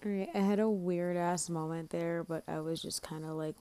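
A woman's voice: fairly low pitch, level tone, moderate pace, hardly any pauses, dark tone. A young woman hosting her own podcast alone, rambling in a scatterbrained, self-mocking way, sleepy and swearing casually. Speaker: podcast host. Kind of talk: rambling solo podcast chat.

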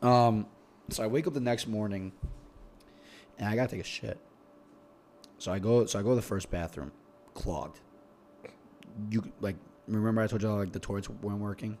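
A man's voice: on the low side, normal speed, pauses often, a little hiss or hum. Profane young man telling a rambling story. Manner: profane, rambling, repeats words when excited. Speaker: podcast guest. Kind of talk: casual storytelling.

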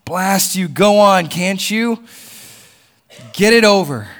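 A man voicing a tormented man who snaps in loud, exasperated outbursts. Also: high-pitched, expressive, slow pace, voice pushed up, exaggerated voice. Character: tormented man, desperate and angry.

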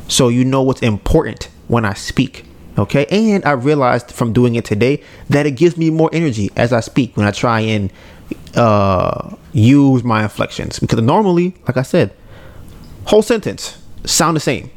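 A man co-hosting a casual podcast, speaking in a laid-back, fairly monotone way and rambling, correcting himself and swearing as he goes. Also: mid-range voice, moderate pace. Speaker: podcast co-host.

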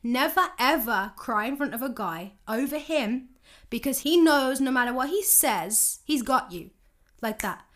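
A young woman telling a dating story and giving advice, acting out both sides of the conversations in a lively, candid way. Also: sits high, a little slow. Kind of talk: casual storytelling monologue.

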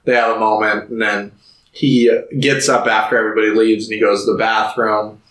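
A man's voice: lowish voice, flat delivery, a little fast, fairly bright tone. Casual man recapping a film, echoey. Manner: retells scenes, acting out quotes. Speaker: podcast co-host.

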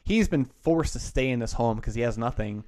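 Man in casual talk, mid-pitched. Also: expressive, normal speed, darkish tone. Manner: loose retelling full of "like" and restarts. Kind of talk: casual chat.

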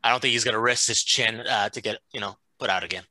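A man giving confident, quick fight predictions in a casual chat. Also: on the low side, sharp tone, no room sound. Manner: confident, quick, says "you know" a lot. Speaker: podcast co-host, called Coach. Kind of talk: casual MMA picks chat.

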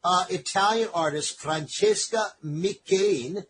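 A man's voice: high-pitched, unhurried, a bit bright, slight background noise, poor audio. A man co-hosting a casual chat show, jovially explaining phrases to listeners. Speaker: co-host. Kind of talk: casual radio-style chat.

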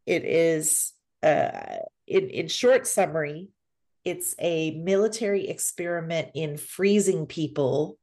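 Deep-voiced female podcast co-host, easygoing rambling chat. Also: big pitch swings, takes it slowly, mellow. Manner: attentive listener, rambling summaries. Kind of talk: casual chat.

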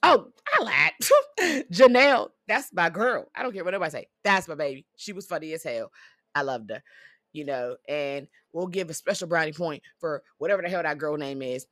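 A vlogger giving blunt, profane opinions in casual commentary, swinging between loud outbursts and muttered asides. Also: mid-range voice, lively intonation, normal speed, dry recording, clean studio sound.

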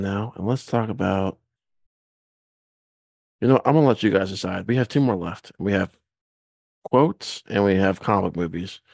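Deep gravelly man hosting a podcast. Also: darkish tone, no room sound. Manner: laid-back, steering the conversation. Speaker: podcast host. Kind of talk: casual podcast chat.

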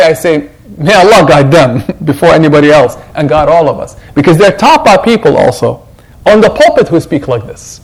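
A male imam gives a Quran reflection in a lively, conversational way. His voice sits high and rises and falls a great deal. He often breaks into the voices of the people he quotes. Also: rough recording. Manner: animated, conversational, acts out quotes. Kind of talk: Quran reflection talk to a congregation.

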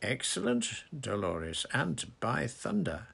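A man voicing a pompous, blustering male minister who is excitable and triumphant. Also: mid-range voice, takes it slowly, creaky, husky, pitched above the performer's own voice, full character voice. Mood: incredulous.

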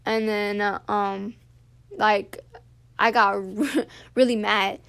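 A seventeen-year-old girl hosting a podcast, telling a school story in a casual, animated rant full of "like" and swearing. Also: medium pitch, slow, vocal fry, clear, resonant tone. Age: teens. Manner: animated, heavy use of "like", swears freely. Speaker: podcast host.

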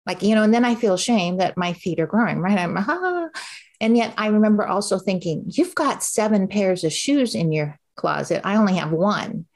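A woman's voice: medium pitch, brisk, hardly any pauses. A middle-aged woman telling her story as an interview guest in a candid, conversational way, acting out the voices she quotes. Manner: animated, acts out quoted voices.

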